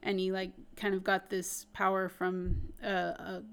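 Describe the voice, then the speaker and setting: A woman's voice: medium pitch, monotone, a little slow, gravelly, clean tone. Chatty woman retelling a story. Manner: eager storyteller, lots of "like" and "you know". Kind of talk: casual chat, recapping a cartoon series.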